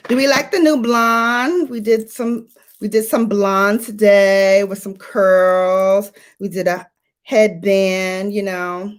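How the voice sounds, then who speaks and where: A woman's voice: medium pitch, steady tone, takes it slowly. A woman hosting a beauty livestream, chatting playfully and greeting viewers by name. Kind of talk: casual livestream chat.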